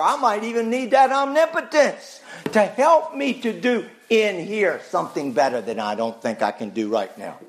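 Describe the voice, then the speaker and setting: A male pastor preaching a sermon emphatically, asking rhetorical questions and swinging his pitch widely.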